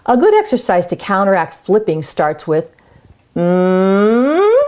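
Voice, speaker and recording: A woman vocal coach explaining voice breaks in a clear, measured way and demonstrating singing exercises. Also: medium pitch, huge pitch swings, a little mellow. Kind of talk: instructional voice lesson.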